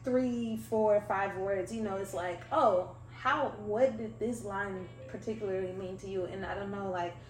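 A woman hosting a podcast, talking casually in a rambling, animated way with lots of fillers. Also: medium pitch, unhurried, few pauses. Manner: rambling, animated, heavy use of "like". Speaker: podcast host. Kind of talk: casual interview chat. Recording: echoey room, faint music.

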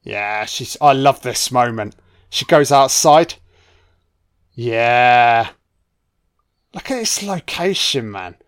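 A man talks through a film at an unhurried pace, his voice smooth and clear. He drops in relaxed, profane asides of admiration as scenes play. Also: medium pitch. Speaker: film commentator. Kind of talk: casual film commentary.

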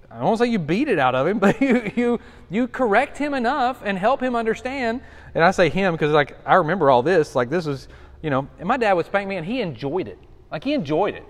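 A middle-aged male pastor with a notably high voice teaches an informal Bible study. He talks in a loose, conversational way and repeats lines for emphasis, and his voice rings with a long hall echo.

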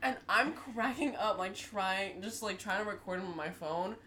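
With a mid-range voice at normal speed, this woman in her twenties co-hosts a podcast and tells stories in a relaxed chat. She's lively and laughs often, and the audio carries a little hiss or hum.

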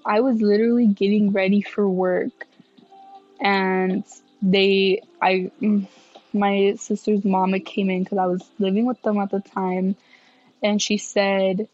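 A woman's voice: mid-range voice, a little mellow, muffled recording. A tired young woman, talking candidly and swearing often in a casual solo podcast. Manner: candid and profane, many fillers. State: tired, yawning. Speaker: podcast host.

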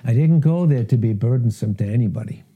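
A man's voice: medium pitch, expressive, quick pace, warm tone, breathy edge. A middle-aged man preaching a sermon as pastor, earnest and emphatic, lifting his voice when he quotes scripture.

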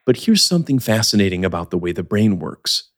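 A man teaching English as the host of a scripted podcast lesson, speaking in a clear, measured, explanatory way. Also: lowish voice, big pitch swings.

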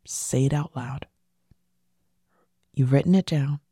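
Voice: medium pitch, slow pace, dark tone, husky, no echo, studio quality. A podcast host giving a motivational monologue, emphatic and repeating key phrases, sometimes dropping into a whisper for emphasis.

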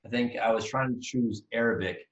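A man in his thirties, co-hosting a casual podcast, telling a rambling, animated story full of restarts. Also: mid-range voice, fairly quick, far from the mic, highs cut off. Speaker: podcast co-host. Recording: echoey room, voice off-mic.

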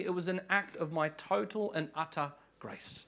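A man with an Australian accent, preaching a sermon as pastor, with humor and dramatic pauses. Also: a little high, creaky, sharp tone.

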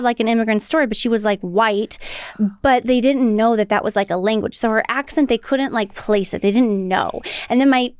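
A woman co-hosting a podcast, telling family stories in lively, casual chat and swearing freely. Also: a little high, clear, resonant tone, no echo, studio quality. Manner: animated storytelling, swears freely. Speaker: podcast co-host.

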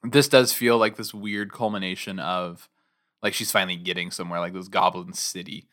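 A man's voice: low-pitched, fairly even intonation, moderate pace, a bit bright. A man in casual podcast chat, enthusiastic and conversational. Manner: enthusiastic, conversational, says "dude".

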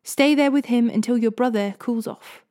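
A woman's voice: fairly high pitch, moderate pace, dark tone, lightly acted. A woman voicing a worried mother giving her son urgent instructions. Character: anxious scheming mother.

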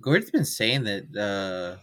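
A man's voice: fairly low pitch, big pitch swings, slow, fairly bright tone, no echo, studio quality. A man co-hosting a podcast in casual chat, speaking hesitantly with many fillers. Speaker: podcast co-host.

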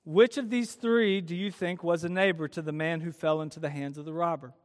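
A man preaching a sermon at a youth event, retelling a story with lively emphasis and many rhetorical questions. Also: a little high, fairly quick. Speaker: youth speaker. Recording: long hall reverb.

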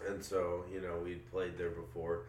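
A man's voice: low-pitched, little pitch movement, normal speed, darkish tone, recorded from a distance, a little hiss or hum. A man in a band telling a story in a rambling way, thinking aloud with many fillers. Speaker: band member. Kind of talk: casual chat. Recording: roomy, off-mic.

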